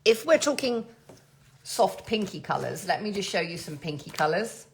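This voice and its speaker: A woman's voice: medium pitch, very animated, normal speed, vocal fry. A woman hosting a casual live Q&A from home, reading out viewer questions and chatting through stories. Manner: chatty, reads out questions then rambles warmly into anecdotes. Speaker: interiors host answering viewer questions. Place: her home. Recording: echoey room, faint background noise.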